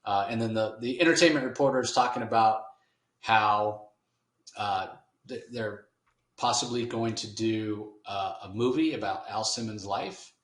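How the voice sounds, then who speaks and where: A man hosting a podcast, giving a rambling, relaxed recap of a comic book issue. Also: lowish voice, normal speed. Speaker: podcast host. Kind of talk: casual comic book discussion. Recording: roomy echo.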